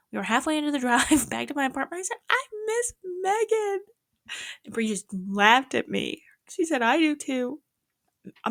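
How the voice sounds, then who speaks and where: A woman's voice: medium pitch, dry recording, clean studio sound. A young woman chatting casually in a rambling vlog about her day, sometimes dropping to a whisper. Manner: rambling, animated, swings into whispers. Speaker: vlogger. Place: small apartment at night.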